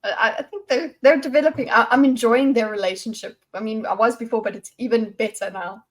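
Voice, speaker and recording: A woman co-hosting a casual book discussion, excited and laughing while she thinks aloud. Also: fairly high pitch, fairly quick. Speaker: book club co-host.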